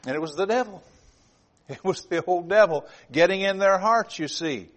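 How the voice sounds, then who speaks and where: A man preaching a sermon, moving between loud emphasis and low, hushed asides. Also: normal speed. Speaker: pastor.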